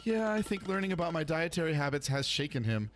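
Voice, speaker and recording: A man's voice: on the high side, very animated, fast talker, a bit bright, faint music behind, pitched above the performer's own voice. A man reading the lines of a polite, curious young woman winemaker in a near-natural voice. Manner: reading dialogue plainly.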